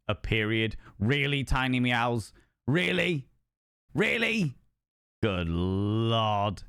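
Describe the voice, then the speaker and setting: A man's voice: lowish voice, dry recording, studio quality. A young man chatting live with his stream viewers in a playful, theatrical way, swinging between musing and flamboyant greetings. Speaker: streamer host. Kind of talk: casual live-stream chat.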